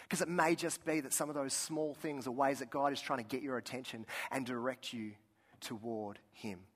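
A young man preaching a sermon in a conversational, storytelling way, often restarting his sentences and dropping to a soft voice for emphasis. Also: medium pitch. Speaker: pastor.

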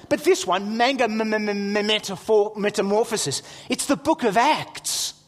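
Man, pastor, sermon, husky, swooping pitch. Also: moderate pace, long reverb tail. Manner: lively storytelling, jokey asides.

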